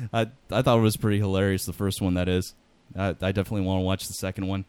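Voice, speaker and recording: A man's voice: low voice, steady tone, quick pace, a little mellow, smooth, no room sound. A man hosting a casual podcast chat, giggly and self-deprecating. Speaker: podcast host and voice actor.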